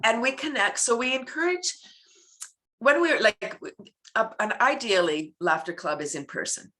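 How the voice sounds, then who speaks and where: A middle-aged woman, a laughter club founder and guest, chatting casually in an animated way, acting out little scenes and breaking into laughter. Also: moderate pace. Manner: animated, acts out scenes with sudden high-pitched voices and bursts of laughter. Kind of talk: casual interview chat.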